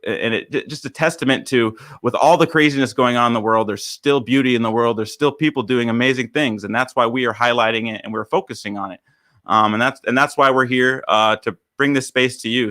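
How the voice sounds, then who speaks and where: A man hosting a live online stage show over a video call, enthusiastic and halting as he introduces his guest. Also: medium pitch, fairly bright tone, dry recording, studio quality. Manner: enthusiastic, halting with fillers and restarts. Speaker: host.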